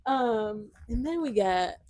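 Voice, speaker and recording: A woman's voice: a little high, animated, slow pace, darkish tone, no echo, studio quality. A woman co-hosting a casual fan podcast, enthusiastic and emphatic, repeating phrases for stress. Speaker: podcast co-host.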